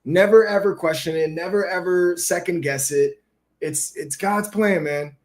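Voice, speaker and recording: A man's voice: high voice, unhurried. A man hosting a casual livestream, talking loose and slangy with frequent swearing. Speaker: livestream host.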